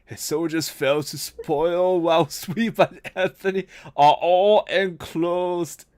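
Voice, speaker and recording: A loyal Roman officer, read aloud by a man. The voice sits high for a man, and the lines come out slow and stressed word by word in a casual Shakespeare read-along. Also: fairly even intonation, darkish tone, clean tone. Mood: urgent.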